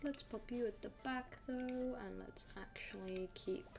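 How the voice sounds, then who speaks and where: A woman's voice: on the high side, a little slow, gravelly, hardly any pauses. Chatty woman streaming a game. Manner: chatty, mutters to the game, playful sing-song asides. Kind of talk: casual gameplay commentary.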